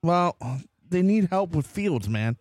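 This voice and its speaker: A man's voice: sits high, sing-song, slow pace, a little mellow, no room sound, clean studio sound. A man co-hosting a sports podcast, cursing and arguing heatedly in casual chat. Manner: profane, irritated, argumentative. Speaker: podcast co-host. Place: garage.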